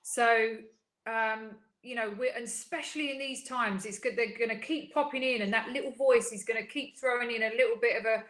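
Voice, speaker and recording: A woman's voice: fairly high pitch, steady tone, a little fast, a bit bright, echoey room. A woman co-hosting a casual live wellbeing show, upbeat and earnest, talking in long flowing runs. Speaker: co-host of a spiritual wellbeing show.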